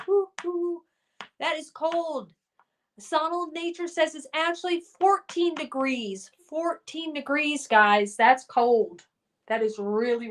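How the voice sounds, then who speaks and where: A middle-aged woman hosting a livestream from home, reading viewers' chat comments aloud and running a guessing game. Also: high-pitched. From Colorado. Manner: reads out chat messages and hosts a guessing game. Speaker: livestream host.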